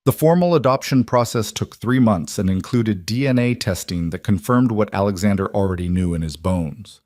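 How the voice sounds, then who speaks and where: A low-voiced man narrates a romance story evenly and in a measured way. The recording is close and dry, without any room sound.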